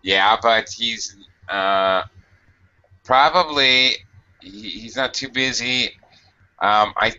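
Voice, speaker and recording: A man's voice: fairly low pitch, slow pace, long pauses, bright, forceful tone, muffled recording. A man teaching English to a small online group, explaining grammar patiently and acting out example sentences.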